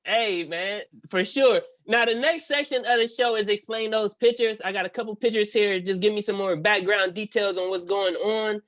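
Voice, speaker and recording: A man's voice: sits high, a bit bright, no echo. A man hosting a casual podcast, who keeps the chat moving and affirms his guest's points. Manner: affirming, quick to say "indeed" and laugh along. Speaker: podcast host.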